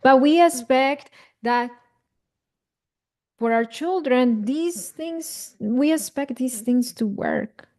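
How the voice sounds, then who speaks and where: A woman's voice: high voice, slow pace, darkish tone. A woman teaching a live parenting class, repeating herself for emphasis and putting questions to her listeners. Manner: repetitive, emphatic, asks audience questions. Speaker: parenting educator.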